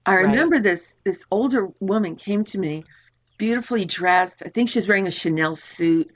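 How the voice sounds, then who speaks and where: Older female astrologer, lively storyteller, laughs often, mid-range voice. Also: medium pitch, moderate pace. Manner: animated, laughs often, acts out voices in her stories. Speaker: astrologer guest. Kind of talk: storytelling in a podcast interview.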